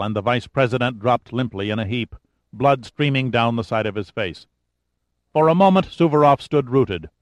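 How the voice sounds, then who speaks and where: A man narrating a thriller audiobook in a steady, measured way. His voice sits at a mid pitch, recorded dry and close with no room sound. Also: no room sound.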